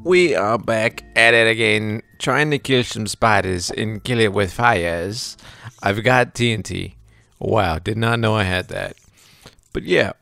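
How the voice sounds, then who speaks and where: Gravelly man doing slow jokey game commentary. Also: medium pitch, a bit bright. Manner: jokey, talks to the enemies in-game. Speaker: gaming video host. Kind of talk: let's play commentary.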